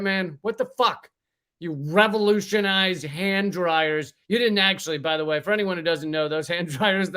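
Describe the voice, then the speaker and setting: A man's voice: sits high, bright, forceful tone. A man hosting a livestream, ranting in a casual, profane, rambling way with many restarts. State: sweating from heat. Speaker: comedian livestream host.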